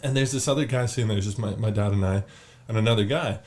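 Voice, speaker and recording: A man's voice: fairly low pitch, fast talker, darkish tone. A man guesting on a podcast, telling a rambling story in casual chat and swearing freely.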